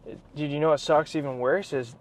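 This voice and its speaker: A man vlogging in a casual, animated storytelling way, full of slang like bro and dude. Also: on the high side, fairly quick. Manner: excited, animated retelling. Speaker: vlogger, athlete.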